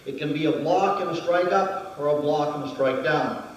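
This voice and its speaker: A man's voice: on the high side, normal speed, dull audio. A man instructing a weapons demonstration in a methodical way, counting out each movement. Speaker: martial arts instructor. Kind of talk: demonstration lesson. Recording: very echoey hall, distant mic.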